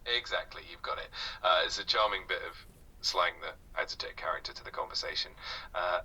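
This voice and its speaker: A male AI tutor with a very bright, slightly husky voice gives upbeat, smooth explanations in friendly casual chat. His replies come from a device speaker, picked up from some distance away. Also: deep voice, a little fast. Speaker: AI conversation partner.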